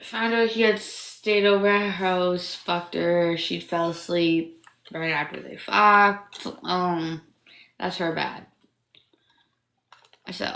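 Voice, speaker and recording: A woman's voice: lowish voice, fairly even intonation, slow, gravelly, fairly bright tone, roomy sound. A young woman in her twenties from Canada, telling a personal story in casual livestream chat, rambling and profane, with constant fillers like "like". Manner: rambling, profane, heavy use of "like".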